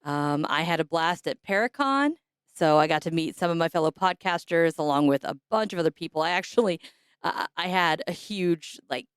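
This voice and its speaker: A woman hosting a podcast who is hoarse and raspy, chatting casually and rambling with fillers. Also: deep voice, expressive, normal speed, dry recording, studio quality. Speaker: podcast host.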